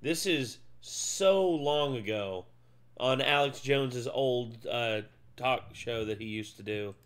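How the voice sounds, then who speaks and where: A man's voice: medium pitch, slow, clear, resonant tone. A man casually reacting to video clips as a co-host, drawling and laid-back with casual swearing.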